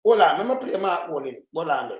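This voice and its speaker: A man's voice: on the high side, expressive, quick pace, echoey room. A man with a Jamaican accent hosting a live stream, ranting and cursing as he comments on clips. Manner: profane, ranting, shouts often. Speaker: livestream host.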